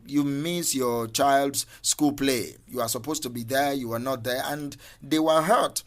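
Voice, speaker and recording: A man's voice: fairly high pitch, fairly bright tone. Emphatic male mindset coach. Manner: emphatic, repeatedly asks "do you understand me"; insistent repetitions like "no, no, no". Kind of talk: motivational podcast talk.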